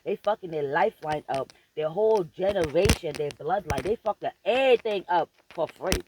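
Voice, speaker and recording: A woman's voice: fairly low pitch, expressive, normal speed, background noise. A woman vlogger giving a profane, emphatic and preachy motivational rant straight to her viewers, repeating phrases for emphasis.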